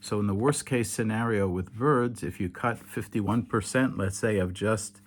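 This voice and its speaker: A tired man explains a hands-on demonstration late at night, patient and halting, with many fillers and self-corrections. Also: on the low side. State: tired, yawning. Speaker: teacher demonstrating kosher slaughter. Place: home indoors in Israel, at night.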